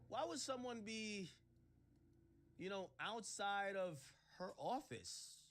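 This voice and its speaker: A man hosting a livestream, ranting sarcastically in casual chat and breaking into shouts. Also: on the high side. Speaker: livestream host.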